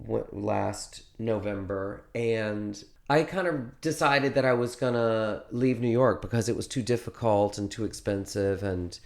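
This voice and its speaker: Low-voiced man, rambling storyteller. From United States. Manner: rambling, animated storytelling with many restarts. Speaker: interviewed musician. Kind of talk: casual interview.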